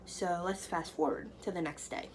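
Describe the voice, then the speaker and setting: A woman's voice: fairly low pitch, fairly even intonation, normal speed, a little hiss or hum, low-quality recording. A young woman telling a personal story to camera in a loose, chatty way, full of fillers. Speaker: vlogger.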